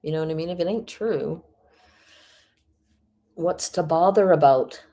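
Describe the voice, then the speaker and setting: This woman's deep, mellow voice comes a little slowly as she hosts a stream. Reacting to a video, she mocks it sarcastically and laughs often.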